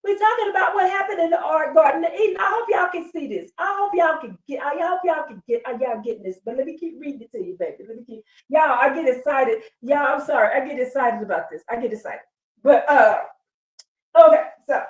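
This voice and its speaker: A woman's voice: high-pitched, expressive, brisk, roomy sound, recorded from a distance, low-quality recording. Fervent woman preaching on a live stream. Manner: fervent, emphatic, addresses viewers as y'all. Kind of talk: excited live-stream preaching and reading aloud.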